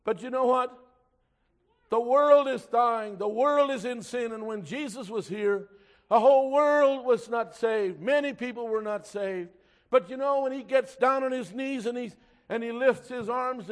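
A man preaching a sermon to his church, rising loud and slow on key words and dropping quiet when he reads scripture aloud in old-fashioned wording. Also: very high-pitched.

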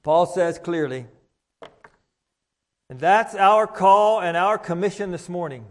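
A man preaching a sermon, reading scripture aloud and repeating key words with deliberate emphasis. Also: high voice. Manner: slow, deliberate, emphatic repetition. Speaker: pastor. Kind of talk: King James scripture reading.

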